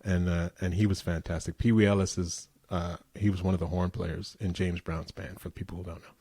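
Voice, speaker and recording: Brief: middle-aged man, lowish voice, dry close sound, relaxed storyteller. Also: brisk, slightly rough, no room sound. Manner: relaxed anecdotal storyteller, easy laughter. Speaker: guest musician. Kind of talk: casual interview chat.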